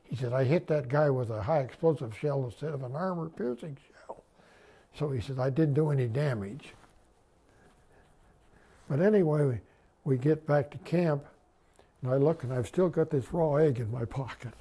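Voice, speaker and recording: Older veteran, mellow husky voice. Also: male voice, mid-range voice, normal speed, long pauses. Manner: rambling, folksy, many restarts. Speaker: WWII veteran interviewee. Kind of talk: oral history storytelling.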